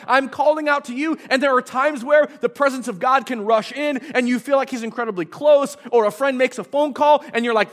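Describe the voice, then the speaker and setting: Male pastor, very high voice, animated sermon delivery with playful asides. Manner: animated, acts out prayers and asides with humor.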